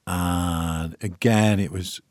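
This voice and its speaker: Deep-voiced man talking haltingly. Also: fairly even intonation, darkish tone, no room sound, studio quality. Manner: halting, with many restarts and repeated words. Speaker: interview guest. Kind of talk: casual conversational interview.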